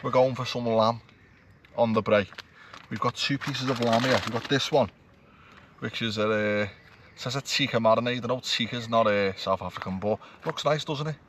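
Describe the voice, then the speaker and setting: A man's voice: medium pitch, moderate pace, fairly bright tone. A man vlogging at a campsite, chatty and rambling, poking fun at himself. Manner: rambling, chatty, self-mocking. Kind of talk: casual chat to camera. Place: campsite outdoors. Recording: outdoor noise, passing traffic.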